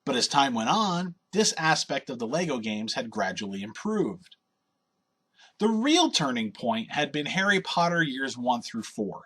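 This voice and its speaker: A man's voice: medium pitch, sing-song, unhurried, pushed and bright, slightly rough. A man reading a scripted video game review in an opinionated, wry and sardonic way.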